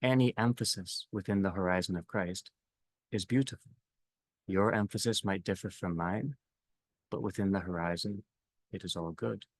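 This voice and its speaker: A man leading a reflective theological discussion, speaking slowly in halting phrases that trail off softly at their ends. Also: low-pitched, no room sound. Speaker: discussion leader.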